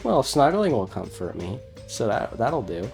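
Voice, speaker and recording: A woman's voice: very deep voice, big pitch swings, a little slow, gravelly, a little mellow, faint music behind. A woman co-hosting a game playthrough, reading character dialogue aloud and teasing her partner playfully. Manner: playful, teasing, laughs often. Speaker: let's play co-host.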